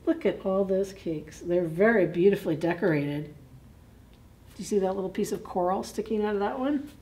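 A woman librarian reading a picture book aloud at children's story time, gently asking listeners questions. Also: mid-range voice. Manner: slow, deliberate reading.

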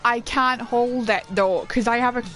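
Worn out woman gamer griping thru her stream, kinda high voice, game music faint behind. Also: steady tone, moderate pace. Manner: frustrated, tired and complaining. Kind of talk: casual gaming commentary.

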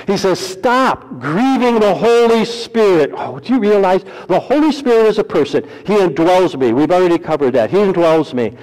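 Male pastor, fairly high voice, folksy sermon, booming then hushed, church-hall reverb. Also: lively intonation, normal speed, few pauses. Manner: folksy, humorous, swings from loud emphasis to hushed.

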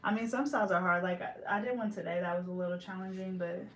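A woman's voice: on the low side, quick pace, a bit bright, reverberant. A young woman, a hair braider and vlogger, chatting casually and teasing while she works, drawing out words in mock pronunciations.

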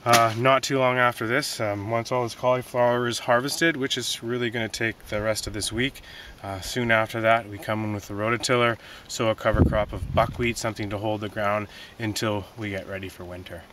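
A man giving a relaxed, folksy gardening demonstration outdoors in his vegetable garden, with many fillers. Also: fairly low pitch, fairly quick. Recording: distant outdoor mic, faint noise.

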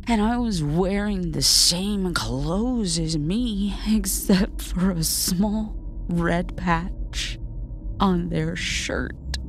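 Very slow, hushed female horror narrator. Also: mid-range voice, slight background noise. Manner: slow, hushed, often whispered.

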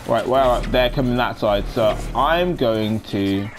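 A man's voice: medium pitch, slow pace, soft background music. A young man giving casual, jokey live commentary while playing a shooter game. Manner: chatty, jokey, self-narrating. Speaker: gaming commentator.

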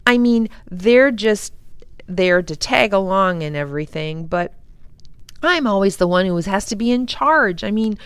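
A sensible thirteen-year-old eldest brother, voiced by a woman reading aloud. He sounds earnest and a touch weary of his siblings, with a slow, lively-pitched delivery. The sound is dry and close. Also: clean tone, no room sound, close to an everyday voice.

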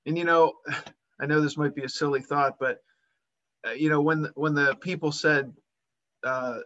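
A man's voice: on the high side, fairly even intonation, a little slow, pauses often, sharp tone, dull audio. A man preaching a sermon, retelling a Bible story and acting out its voices with rising emphasis.

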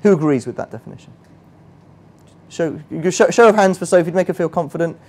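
A finance workshop trainer with a fairly high, animated, slightly mellow voice talks a little fast as he teaches a live audience in a workshop room. Casual and friendly, he keeps quizzing the room to see if they agree and pokes fun at himself while explaining.

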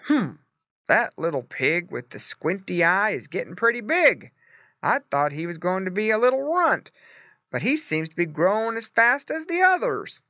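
Amused middle-aged farmer, folksy and chuckling, bright dry storybook voice, done by the narrator. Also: male voice, high voice, very animated, normal speed, no room sound, pitched above the performer's own voice, full character voice.

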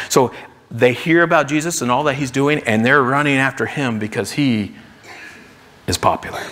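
A man's voice: mid-range voice, gravelly, breathy edge, in a large hall. A man preaching a sermon as pastor, in a conversational way, acting out what the crowds might say. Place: church sanctuary.

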